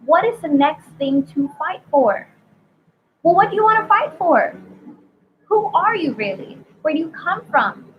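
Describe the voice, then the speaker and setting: A woman's voice: sits high, big pitch swings, unhurried. A woman hosting a casual spiritual talk, asking searching questions in a preachy way. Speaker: host. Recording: tinny phone-like line with faint noise.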